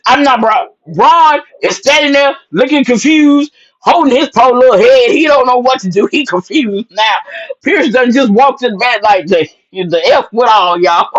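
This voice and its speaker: A woman hosting a wrestling recap show, telling the action in a sassy, lively way with plenty of "honey" asides and acted-out quotes. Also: high voice, highs cut off. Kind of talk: excited casual wrestling recap.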